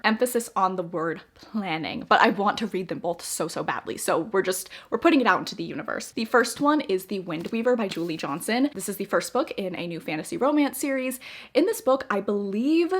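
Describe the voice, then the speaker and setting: A woman chats to her viewers in an easygoing book vlog, recommending novels with open enthusiasm. Her voice sits at an ordinary middle pitch for a woman, and her talk stays friendly and animated. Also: fairly quick. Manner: enthusiastic, chatty. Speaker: book reviewer.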